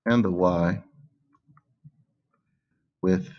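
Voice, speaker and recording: A man's voice: sits low, fairly even intonation, very slow, highs cut off. A man teaching math in a screen-recorded lesson, patiently stressing key words and thinking aloud with fillers.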